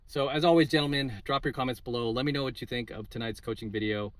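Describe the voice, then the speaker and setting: A man's voice: mid-range voice, fairly even intonation, quick pace, no echo. Indignant man ranting, dry close sound. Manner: indignant, repeats "right?" and fills with "uh" and "like". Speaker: channel host giving coaching videos. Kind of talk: casual political rant to camera.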